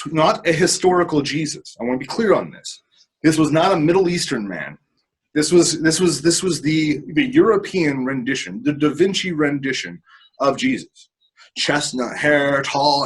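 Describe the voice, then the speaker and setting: A man's voice: fairly high pitch, slightly rough, poor audio. A man being interviewed, telling a personal story candidly, rambling with many restarts and some casual swearing. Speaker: interview guest.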